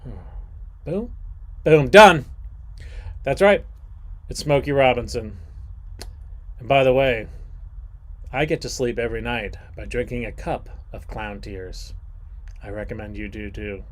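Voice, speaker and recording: A man's voice: medium pitch, unhurried, long pauses. A man in his forties hosting an online trivia game, joking and rambling between questions. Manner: jokey, rambling asides, animated.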